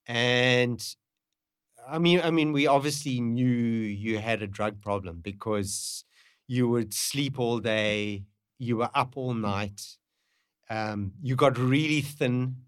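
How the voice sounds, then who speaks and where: A man's voice: mid-range voice, clear, resonant tone, no room sound, clean studio sound. Emotional middle-aged father. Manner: halting, emotional, repeats himself. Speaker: parent, podcast guest. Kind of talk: candid conversation.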